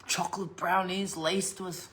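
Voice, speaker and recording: A woman's voice: on the low side, level tone, a little slow, a bit bright. A middle-aged woman chatting casually as a vlogger, swearing freely and laughing often. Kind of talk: casual unboxing chat.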